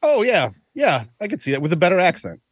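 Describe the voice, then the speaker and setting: A man's voice: high voice, wildly swooping pitch, fast, slightly rough, dry recording, clean studio sound. A man co-hosting a podcast in casual chat, wry and offhand. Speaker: podcast co-host.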